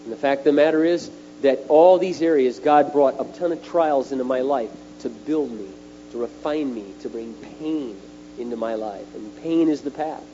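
A middle-aged man preaching a sermon at a retreat, animated and emphatic, his voice jumping up on key words. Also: mid-range voice, moderate pace. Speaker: speaker at a retreat. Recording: dull lo-fi recording with faint mains hum.

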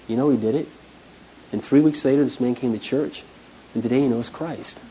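A man preaching a sermon as a pastor, telling stories with an animated manner that swings from hushed to loud. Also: medium pitch, fairly quick, highs cut off, a little hiss or hum. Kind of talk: storytelling sermon.

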